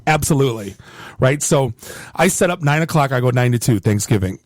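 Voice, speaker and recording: A man's voice: medium pitch, expressive, brisk, dry recording. A man who is a co-host and part-time DJ, telling a long anecdote in casual chat, repeating and restarting his words as he goes.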